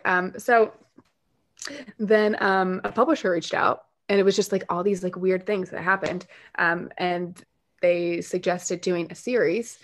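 Chatty woman telling animated stories. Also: on the low side. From based in New York City. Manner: animated storytelling, quick asides and filler words. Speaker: podcast guest, dog-mom influencer. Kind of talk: casual chat.

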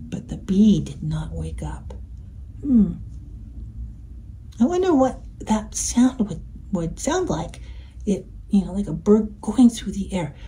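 Woman storyteller for kids, slow, mellow, playful, sing-song. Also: mid-range voice, low-quality recording. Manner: gentle and playful, inviting the listener. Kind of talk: reading a picture book to children.

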